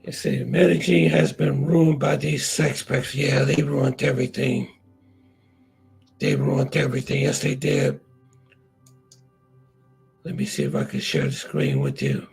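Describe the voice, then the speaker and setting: Gravelly, husky man chatting on a stream. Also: mid-range voice, animated, a little slow, long pauses, a little mellow, soft background music, poor audio. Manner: repetitive, emphatic, talks to viewers and chat. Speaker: vlog host. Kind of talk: casual livestream chat.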